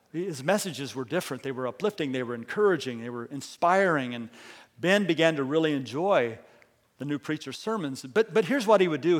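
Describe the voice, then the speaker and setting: A pastor with a slightly high voice tells a story during his sermon in a large hall. He alternates hushed lines with loud, emphatic ones and leads the congregation in call and response.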